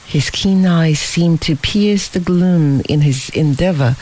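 An audiobook narrator reading a classic story in a measured, expressive way. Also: mid-range voice, low-quality recording.

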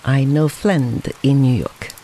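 A narrator voicing an earnest, gentle young man who speaks in simple broken English. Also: mid-range voice, slow, slight background noise, pitched below the performer's own voice, close to an everyday voice. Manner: simple clipped phrasing, gentle.

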